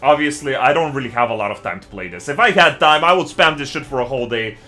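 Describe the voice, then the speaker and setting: A man live-streaming to his chat from his desk at home, ranting in a casual, constantly swearing way with loud, agitated outbursts. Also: medium pitch, lively intonation, fast, soft background music. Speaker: game streamer.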